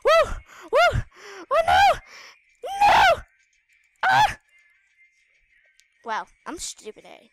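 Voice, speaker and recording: A woman giving live gameplay commentary on her gaming channel, excitable, squealing and shrieking at danger, with chatty asides to viewers. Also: extremely high pitch, extremely slow, pauses often, soft background music.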